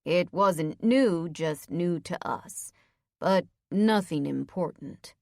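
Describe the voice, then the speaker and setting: A woman playing a hulking, stoic male highway patrolman in an audiobook; he speaks in slow, clipped, steady phrases, flatly and without fuss. The recording is dry and close, with no room sound. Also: vocal fry, no echo. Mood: steady, terse. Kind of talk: audiobook character voice.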